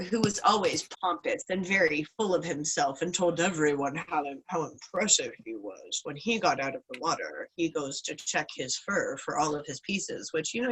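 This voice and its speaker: A woman's voice: low voice, fairly bright tone, husky, poor audio. A woman teaching a casual class, retelling a folk tale in a chatty, playful way with frequent hedges. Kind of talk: casual lesson with folk storytelling.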